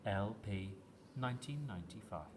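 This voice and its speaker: A man reading a children's story aloud with steady, gently expressive storytelling. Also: fairly low pitch, moderate pace, slight background noise.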